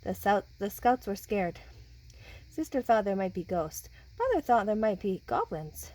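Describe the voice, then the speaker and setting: A woman's voice: mid-range voice, a little slow, poor audio. Woman reading a picture book aloud. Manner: animated, talks with listening children. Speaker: storybook reader.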